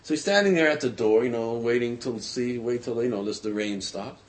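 A man telling a folk tale aloud in a casual, halting way, full of fillers and restarts. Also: medium pitch. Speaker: storyteller. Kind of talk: casual oral storytelling.

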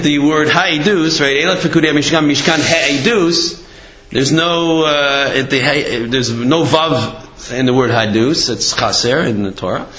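A man with a fairly high voice teaches a Torah class, talking loosely and telling stories with many fillers. The sound is roomy with lots of echo. It is also dull and muffled. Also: pushed and bright. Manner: conversational, storytelling, many fillers.

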